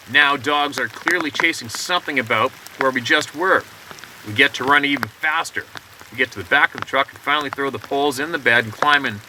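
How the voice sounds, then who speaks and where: Man reading a story aloud in the rain. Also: mid-range voice. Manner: reads unevenly, stumbling and restarting mid-sentence. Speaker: host reading a viewer's email. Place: outdoors by a river in the rain. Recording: outdoor clip with loud rain noise.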